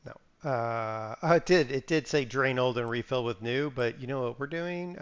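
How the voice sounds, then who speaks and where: A man's voice: medium pitch, a little slow, hardly any pauses, clean tone, dull audio. A man casually commenting on a live game stream. He mutters to himself while playing, breaks into sudden exclamations and sniffles now and then.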